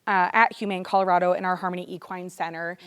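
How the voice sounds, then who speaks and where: A woman's voice: lowish voice, flat delivery, fast talker, fairly bright tone, clear, resonant tone. A woman, a nonprofit philanthropy officer, answering interview questions in an earnest, friendly way. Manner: friendly, earnest, with light laughs. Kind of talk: TV studio interview.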